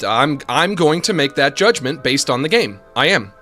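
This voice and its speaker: Rambling, animated male game streamer. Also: on the high side, normal speed, faint music behind. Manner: rambling, joking, self-mocking asides. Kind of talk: casual chat on a live stream.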